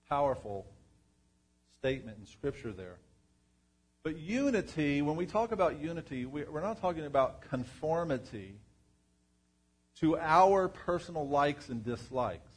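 A man's voice: a little high, expressive, unhurried, long pauses, breathy edge. A man preaching to a congregation, asking them questions in a conversational way. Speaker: pastor. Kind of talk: sermon. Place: church before a congregation.

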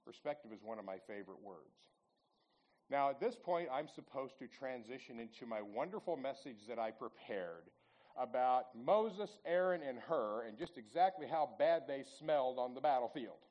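A man's voice: mid-range voice, lively intonation, normal speed, muffled recording. A man in his sixties giving a folksy storytelling talk at church, chatting with the audience and asking them questions. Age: 60s.

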